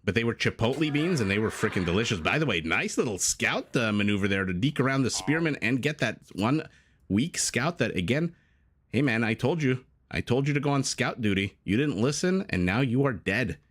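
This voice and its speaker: Live-casting a strategy game, a man jokes with his chat, reads out their messages and drifts onto tangents. His medium-pitched voice is expressive, fairly quick and fairly bright.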